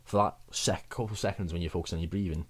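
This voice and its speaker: A young wellbeing vlogger with a low, steady voice and a slightly breathy edge talks fast in a casual vlog. He offers chatty, rambling advice and laughs at himself often.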